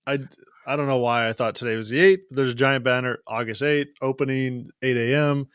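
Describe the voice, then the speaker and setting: Speaking at a brisk pace with a medium-pitched, steady voice, this host keeps his live-stream hangout casual, laughing a lot and breaking off to restart sentences as he spins stories. His tone is clean and slightly bright, recorded without echo.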